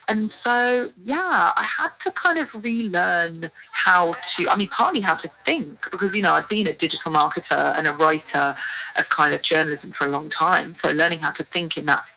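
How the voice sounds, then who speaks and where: British woman in her thirties, author guest, bright tone, lively and quick to laugh. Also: lowish voice, poor audio. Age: 30s. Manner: animated, laughs often, many "you know" fillers. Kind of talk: casual interview chat.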